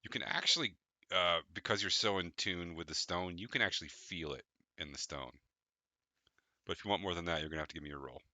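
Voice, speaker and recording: Low-voiced bright game master man. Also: fast, no room sound. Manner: relaxed, loose narration with fillers. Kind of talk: narrating a tabletop game.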